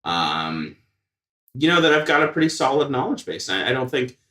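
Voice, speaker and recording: A man's voice: medium pitch, sing-song, moderate pace, sharp tone, far from the mic. A man co-hosting a casual podcast chat with a dry, self-mocking, jokey manner. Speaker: podcast co-host. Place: indoor room with an audience of one. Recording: echoey room.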